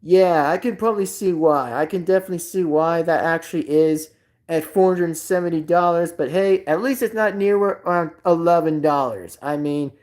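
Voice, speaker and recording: Rambling woman streamer, lowish voice. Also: moderate pace, a little mellow. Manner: rambling, heavy filler "by the way" and "like". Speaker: live streamer. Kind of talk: rambling casual live-stream chat.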